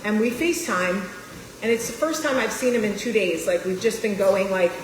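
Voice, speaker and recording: Talking straight to camera, a woman in her forties from New Jersey shares a personal story with confiding emphasis. She speaks at normal speed in a medium pitch; there's a little hiss or hum and a roomy, long-reverb echo.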